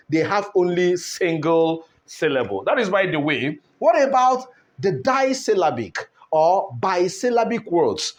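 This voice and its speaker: Slow, lively man teaching pronunciation. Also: high voice. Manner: slow, deliberate, repeats words and syllables, asks "all right?". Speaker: English teacher. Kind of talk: online pronunciation lesson.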